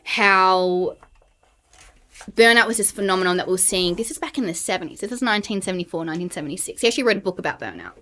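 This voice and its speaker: A woman with an Australian accent, a podcast guest telling stories quickly in casual chat. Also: on the low side, lively intonation, fairly bright tone. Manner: fast-talking storyteller.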